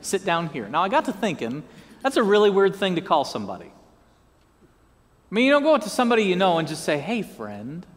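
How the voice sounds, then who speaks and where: Speaking a little fast and pausing often, this pastor delivers his sermon in a high, leaping voice that rings through the hall with a long reverb. His lively style mixes joking asides with calls for the congregation to repeat key words back to him.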